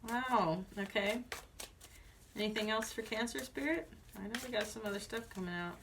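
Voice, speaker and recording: A woman's voice: a little high, moderate pace. Giggly woman chatting through a tarot reading. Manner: giggly, chatty, lots of fillers. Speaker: tarot reader. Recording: voice a bit far from mic, faint noise.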